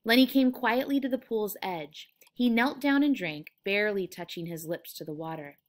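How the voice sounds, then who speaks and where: A woman's voice: medium pitch, lively intonation, normal speed. A woman English teacher reading a novel aloud and explaining it to her students, with frequent fillers.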